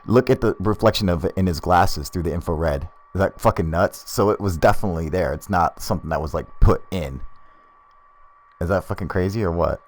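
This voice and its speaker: Deep-voiced, cursing commentary guy. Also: a little fast. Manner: profane, excitable, chatty. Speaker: video host. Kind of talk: casual video commentary.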